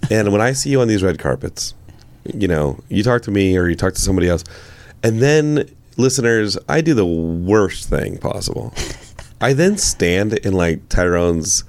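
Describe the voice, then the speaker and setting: A man chatting as an interview guest, with a lively voice that swings up and down. He jokes and teases the host playfully, and the sound is dry and close. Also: lowish voice, normal speed, dry recording. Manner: joking, teasing, playful. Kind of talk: casual interview banter.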